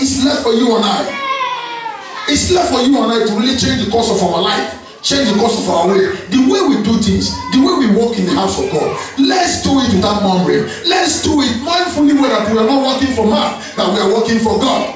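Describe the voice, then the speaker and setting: A man preaching a sermon emphatically, calling out to the congregation and rising to shouted exhortation. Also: very high-pitched, animated, brisk, a crowd in the background. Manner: emphatic, calls out "Amen?" to the congregation. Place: church hall. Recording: echoey hall, distant mic, faint music.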